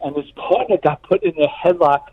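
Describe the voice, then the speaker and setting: A man's voice: fairly high pitch, fairly quick, husky, narrow, tinny audio. An older retired police officer from New City, phoning in to tell stories in a chatty way, repeating words as he goes. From New York City. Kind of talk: phone-in storytelling.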